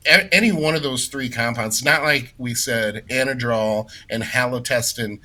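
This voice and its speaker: A man with a very bright, forceful voice arguing his points on a podcast. He is emphatic and opinionated, and he leans into his words. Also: medium pitch, normal speed, poor audio. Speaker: podcast co-host. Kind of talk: casual podcast chat.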